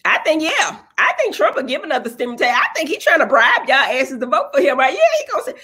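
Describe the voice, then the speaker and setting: A woman's voice: sits high, sing-song, quick pace, hardly any pauses, sharp tone. A middle-aged woman talking in a blunt, casual, rambling way, swearing freely as she chats straight to her viewers. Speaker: dentist and reality TV personality. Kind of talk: casual opinionated livestream chat.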